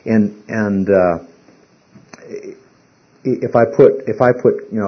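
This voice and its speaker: Husky-voiced man leading a Bible class. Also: lowish voice. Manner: halting, repeats words, asks the class questions. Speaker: Bible study teacher. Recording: muffled lo-fi recording.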